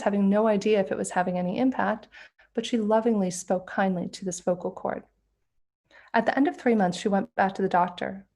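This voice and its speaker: Earnest woman giving a spiritual talk. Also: medium pitch. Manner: earnest storytelling, gently persuasive. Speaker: spiritual speaker.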